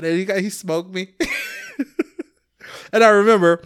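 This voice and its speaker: A man's voice: high-pitched, expressive, normal speed, pauses often, smooth, dry recording, studio quality. A man in his forties from Chicago, hosting a podcast and telling rambling stories in a chatty, self-mocking way. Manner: rambling, chatty storyteller who laughs at himself. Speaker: podcast host. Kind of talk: casual podcast monologue.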